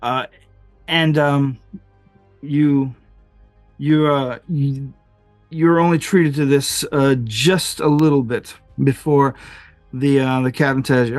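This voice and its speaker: A man's voice: mid-range voice, fairly even intonation, takes it slowly, a little mellow, dry recording, faint music behind. A man running a tabletop game as game master, narrating in a rambling way with many ums and uhs.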